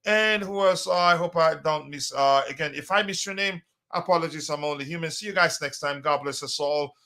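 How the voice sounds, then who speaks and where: A man's voice: on the high side, brisk, pushed and bright. A man hosting a fan live stream, chatting casually and reading out viewer comments with many hesitations. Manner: hesitant, many fillers, reads comments aloud. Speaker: host of a fan livestream.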